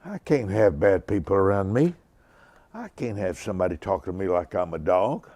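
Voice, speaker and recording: A man in his seventies preaching a sermon slowly and emphatically, repeating key lines. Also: low voice, lively intonation, dark tone, no echo. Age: 70s. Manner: slow, emphatic preaching with repetition.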